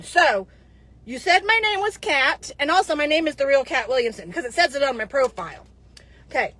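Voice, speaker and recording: A middle-aged woman from Dallas, Texas, ranting to camera in a casual vlog, exasperated and animated, with many restarts. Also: sits high, normal speed, dry recording. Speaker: vlogger.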